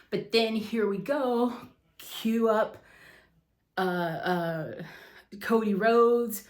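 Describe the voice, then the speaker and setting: A woman in her thirties hosting a wrestling talk show, gushing and emotional, calling her viewers "you guys" and exclaiming "oh my gosh.". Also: mid-range voice. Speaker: wrestling vlogger. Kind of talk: excited casual chat to camera. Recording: echoey room.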